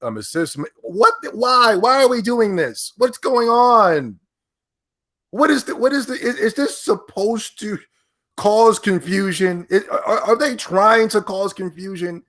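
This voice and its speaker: Podcast guy ranting, kinda high voice, keeps repeating himself and laughing. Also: slow pace. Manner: emphatic, animated, breaks into laughs; repeats himself when worked up. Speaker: podcast host. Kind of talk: ranting commentary.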